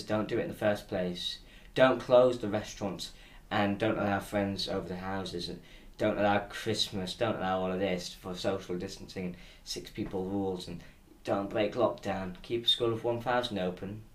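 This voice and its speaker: British guy moaning on his podcast, fairly low voice, sarcastic and swearing a lot. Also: fairly even intonation, normal speed, few pauses. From United Kingdom. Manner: sweary, exasperated, sarcastic ranting. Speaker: podcast host. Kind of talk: casual solo podcast rant.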